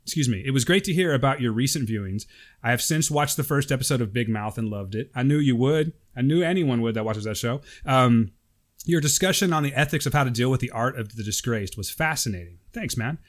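A man's voice: mid-range voice, brisk. A man co-hosting a podcast, chatting casually and reading a listener's email aloud with jokes. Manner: animated, jokey, reads listener mail aloud. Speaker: podcast co-host.

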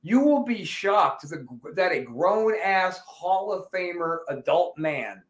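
Male podcast host, high pitch, profane and animated, roomy echo. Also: slow. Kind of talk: casual podcast chat.

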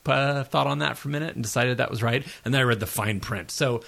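A man's voice: medium pitch, quick pace, creaky, fairly bright tone. A man co-hosting a casual pop culture podcast, rambling and self-deprecating with lots of fillers, and jet-lagged. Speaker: podcast co-host.

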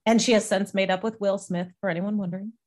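A woman's voice: mid-range voice, fairly even intonation, quick pace, darkish tone. A woman hosting a casual podcast chat, chatty and teasing, laughing often. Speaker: podcast host.

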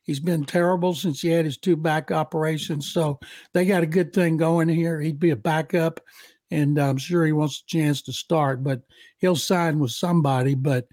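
An older man analyzing football on a sports podcast, his voice a little high for his age. He rambles and searches for words. The sound is dry and close. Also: steady tone, normal speed, a little mellow, no echo. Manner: rambling, hesitant with fillers. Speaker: veteran football writer, co-host.

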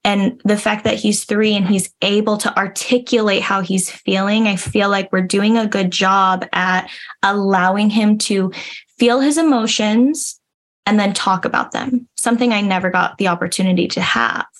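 A woman's voice: medium pitch, fairly even intonation, moderate pace. A young adult woman speaking earnestly and reflectively as an interview guest, with frequent restarts. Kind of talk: casual interview conversation.

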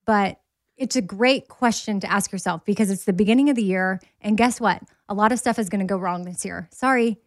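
A woman's voice: medium pitch, a little fast, no room sound, studio quality. A woman co-hosting a podcast in casual chat, upbeat and matter-of-fact. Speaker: podcast co-host.

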